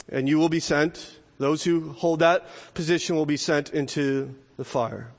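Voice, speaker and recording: Male pastor, fairly high voice, fervent sermon delivery, church with long reverb. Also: normal speed, few pauses. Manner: impassioned preaching, rising to shouts when quoting. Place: church sanctuary. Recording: reverberant hall.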